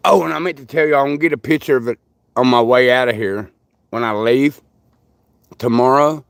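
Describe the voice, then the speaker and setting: A man's voice: mid-range voice, clear, resonant tone, no echo, studio quality. An older man, rambling through folksy stories while chatting with viewers on a livestream. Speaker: livestream host. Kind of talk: casual live chat with viewers.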